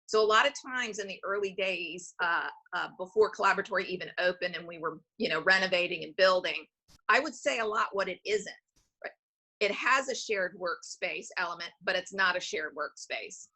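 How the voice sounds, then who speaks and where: Bright-voiced woman explaining her foundation's work. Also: fairly low pitch, normal speed, slightly rough. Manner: explanatory, often checks in with "right?". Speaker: foundation president and CEO, podcast guest. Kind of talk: conversational interview.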